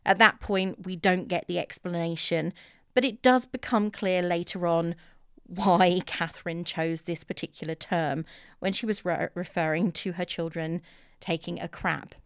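A woman's voice: fairly low pitch, clean tone, no room sound, studio quality. A woman recapping a film plot in a casual way, with chatty, opinionated asides. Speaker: film reviewer.

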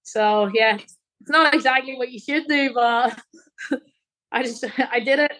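A woman's voice: high-pitched, a little slow, pushed and bright. A young woman from Ireland, a guest athlete chatting casually, laughing often and rambling with lots of fillers. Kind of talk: casual chat.

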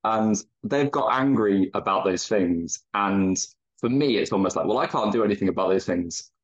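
A man's voice: fairly low pitch, moderate pace, breathy edge. A man, a podcast guest, explaining things in a reflective, rambling way. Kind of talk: casual chat. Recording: dull muffled audio.

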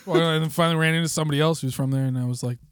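A young man casually telling a story in a group chat, relaxed, swearing now and then. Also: on the high side, very fast, clean tone, no echo, studio quality.

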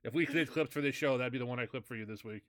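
A man's voice: medium pitch, racing, fairly bright tone, no room sound. Easygoing man, dry close sound. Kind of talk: casual chat.

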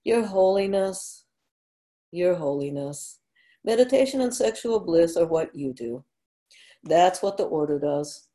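A woman reads the part of a gentle male weaver in a spoken story, soft-spoken and calm with a lightly amused ease. The voice sits low and mellow. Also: unhurried.

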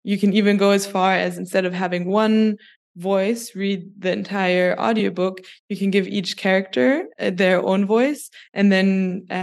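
Woman, podcast guest, gravelly fry, even flat delivery, measured explanations. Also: fairly low pitch. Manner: explanatory, measured, with frequent restarts. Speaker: guest, company chief of staff. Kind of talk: podcast interview.

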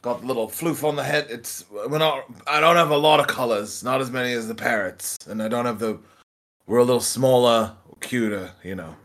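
A man's voice: medium pitch, brisk, a bit bright, natural voice. A man voicing Pete, a chatty small male parakeet with a put-on Australian accent who stammers nervously and insists on exact animal names in a tabletop role-play. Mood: cheerful.

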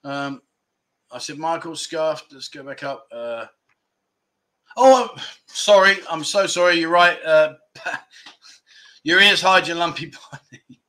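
A man's voice: fairly high pitch, steady tone, measured pace, long pauses, pushed and bright. A man from England hosting a casual livestream, chatting and reading out viewer comments in a rambling, self-deprecating way. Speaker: livestream host. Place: indoors at home.

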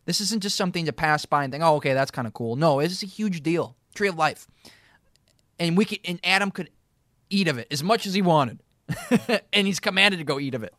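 A man's voice: fairly high pitch, lively intonation, brisk, bright, forceful tone, dry recording, studio quality. A man leading a casual Bible study, reading verses aloud and explaining them word by word. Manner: reads scripture aloud, repeats key words, laughs easily. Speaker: Bible teacher.

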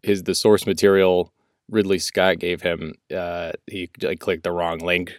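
Low voiced guy on a podcast, swears a lot, teasing his buddy, dry sound. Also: little pitch movement, unhurried, no echo. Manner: joking, profane, teasing. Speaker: podcast co-host. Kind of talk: casual movie review chat.

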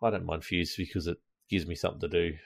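A man co-hosting a casual gaming podcast, chatty, laughing often and filling pauses with ums. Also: deep voice, steady tone, vocal fry, no echo, studio quality. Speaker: podcast co-host.

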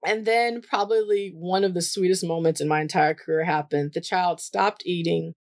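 A woman therapist telling a story from her work in a casual, animated way, leaping up in pitch when she quotes herself. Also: normal speed. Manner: chatty, animated, jumps high when quoting herself. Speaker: therapist for autistic children.

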